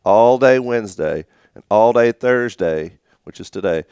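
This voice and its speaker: A man co-hosting a talk show, chatting excitedly and often repeating himself. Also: on the low side, a little slow, clear, resonant tone, dry recording. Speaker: radio show co-host. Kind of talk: casual on-air chat.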